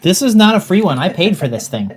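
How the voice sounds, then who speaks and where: A man's voice: sits high, brisk, a little hiss or hum. A man hosting a casual livestream, talking through his hands-on build as he works. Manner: relaxed, narrates hands-on work as he goes. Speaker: livestream host building a 3D printer.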